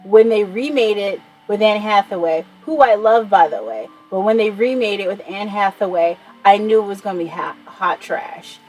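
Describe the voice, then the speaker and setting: A woman's voice: medium pitch, expressive, moderate pace, few pauses, a little mellow, poor audio. Woman vlogger, 30s, mid-range voice, chatty, gushing, profane, faint music underneath. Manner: rambling, enthusiastic, swears freely. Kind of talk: casual chat.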